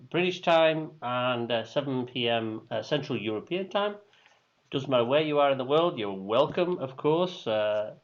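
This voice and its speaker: A man hosts a live quiz stream in a relaxed, unhurried way, hesitating often and filling gaps with ums. He slips between English and German as he goes. The stream sound is dull and lo-fi. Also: medium pitch. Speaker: quiz host.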